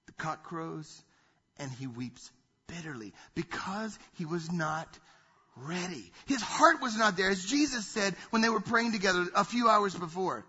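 A male pastor preaching a sermon, animated, acting out quoted voices and dropping to hushed asides. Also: high voice, unhurried, husky, muffled recording. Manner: animated preaching, acts out quoted voices, drops to near-whispers.

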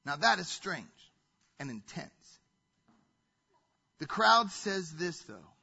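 A man preaching a sermon in an emphatic, conversational way, often dropping to a hushed tone. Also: sits high, big pitch swings, slow pace, creaky, slightly rough, highs cut off. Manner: emphatic, conversational preaching with sudden drops to a hush.

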